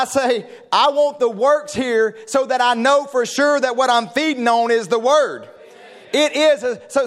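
High-voiced fervent preacher man. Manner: fervent preaching that builds to shouted call-and-response. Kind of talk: sermon. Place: church sanctuary.

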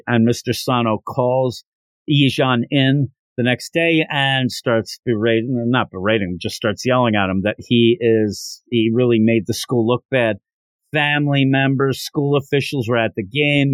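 A man hosting a podcast, casually retelling a manga story with animated asides. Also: mid-range voice, dry recording. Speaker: podcast host.

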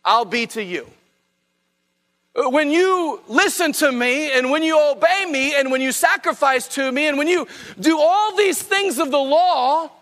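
High, bright-voiced preacher man. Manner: emphatic, urging listeners to underline scripture. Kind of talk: sermon. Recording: long hall reverb.

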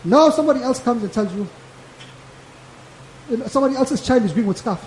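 A man's voice: extremely high pitch, lively intonation, a little fast, a little mellow, a little hiss or hum. A man preaching a Friday sermon, casual in tone and repeating his points with emphasis. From South Africa. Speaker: maulana giving a Friday lecture. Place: mosque. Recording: echoey mosque hall.

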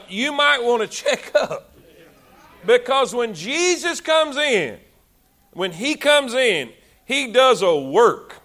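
A man's voice: extremely high pitch, bright, forceful tone. A man preaching a sermon, repeating key phrases and calling on the congregation to respond. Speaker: pastor.

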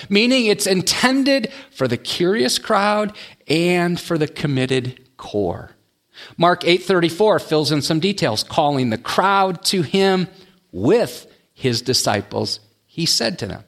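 A male pastor preaching a sermon, dropping low and quiet on his key words. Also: animated, slow pace.

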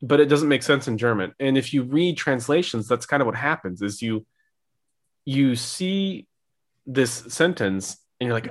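A man's voice: medium pitch, animated, normal speed. A young man co-hosting a podcast, talking casually and rambling with lots of filler words. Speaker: podcast co-host. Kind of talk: casual chat.

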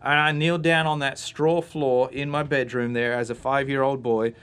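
A man's voice: mid-range voice, fairly even intonation, normal speed, a bit bright, clean tone. Man telling his testimony. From Australia. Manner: storytelling, acts out voices in his anecdotes. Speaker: guest. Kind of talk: personal testimony in a church talk show.

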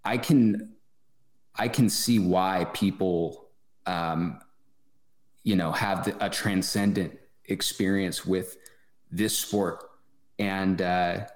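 Low-voiced man, reflective and halting. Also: steady tone. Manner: thoughtful, halting, many restarts. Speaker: running club president, guest. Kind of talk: casual podcast interview. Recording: roomy echo.

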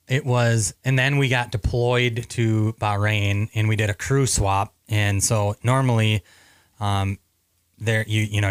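A man's voice: fairly low pitch, dry recording, studio quality. A man from Minnesota, a Navy veteran guest, telling stories casually with many fillers and restarts. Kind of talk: casual storytelling interview.

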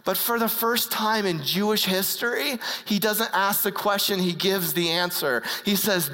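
Slow, bright preacher in an echoing hall. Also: medium pitch. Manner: earnest storytelling with halting restarts. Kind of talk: sermon.

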